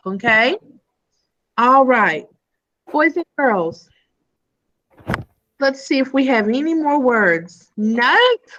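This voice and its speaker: A woman teaching a live online phonics lesson to young children over a video call, sounding out letters in a slow sing-song way. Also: high-pitched, fairly bright tone, low-quality recording.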